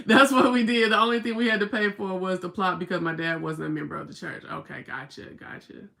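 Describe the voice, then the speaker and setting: A woman's voice: mid-range voice, a little fast, gravelly, a bit bright. A Southern American woman hosting a casual livestream, chatting, reading viewer comments aloud and telling stories. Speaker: livestream host.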